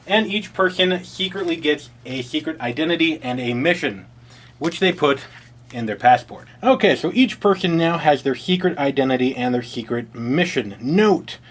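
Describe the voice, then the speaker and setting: Dry, sardonic male board game reviewer. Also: fairly high pitch. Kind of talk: game review and rules explanation.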